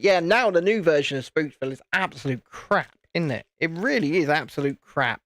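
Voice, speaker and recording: A man's voice: on the high side, lively intonation, moderate pace, few pauses, fairly bright tone, no room sound, clean studio sound. A British man hosting a live stream, chatting casually in a rambling way and often restarting his sentences. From United Kingdom. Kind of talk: casual live-stream chat while building.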